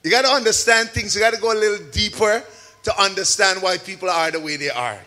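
A man preaching a sermon to a congregation, shouting key words, drawing out call-and-response and mixing in chatty everyday examples. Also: sits high, fast. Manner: homely store examples, chatty asides. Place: church service with a congregation.

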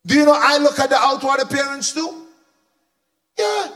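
A man preaching a sermon, animated, shouting for emphasis and asking the congregation questions. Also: very high-pitched, moderate pace, faint music behind.

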